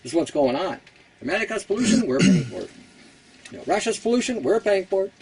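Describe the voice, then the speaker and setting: A man's voice: high voice, very animated, fast, darkish tone, distant mic, a little hiss or hum, low-quality recording. A Canadian man hosting a casual how-to talk, blunt and rambling, who laughs at his own jokes. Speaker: host.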